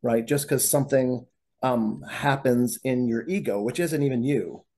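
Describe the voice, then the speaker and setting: A man's voice: mid-range voice, a little slow, darkish tone. A man, a physician guest on a podcast, explaining his ideas in a reflective way with frequent fillers. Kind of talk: conversational podcast interview.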